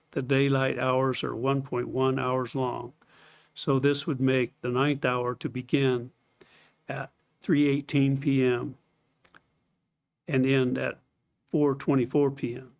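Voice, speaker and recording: A man's voice: mid-range voice, flat delivery, measured pace. Methodical man giving a Bible study. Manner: methodical, explanatory, reads scripture aloud, clears throat often. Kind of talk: scripted Bible study lecture.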